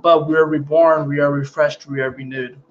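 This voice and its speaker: A man talking casually to his viewers about astrology in an animated, emphatic way, often swearing. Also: on the high side, moderate pace, dull audio. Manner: animated, emphatic, frequently profane. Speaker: astrology vlogger. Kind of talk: casual spiritual chat to viewers.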